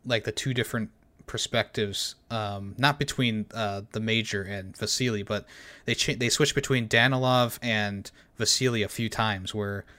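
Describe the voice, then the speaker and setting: A man's voice: lowish voice, steady tone, normal speed, sharp tone. A man talking casually about a movie with friends, rambling with many fillers and restarts. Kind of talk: casual film discussion.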